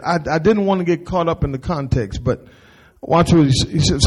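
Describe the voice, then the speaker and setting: A man preaching a sermon, animated and folksy, with quick asides to the congregation and acted-out quotes. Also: a little high, slightly rough. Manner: acts out voices of the people he quotes. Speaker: pastor.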